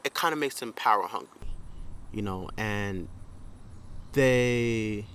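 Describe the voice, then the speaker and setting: Male podcast host, halting questions, low voice. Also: a bit bright, slight background noise. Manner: hesitant, many fillers. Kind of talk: casual podcast interview.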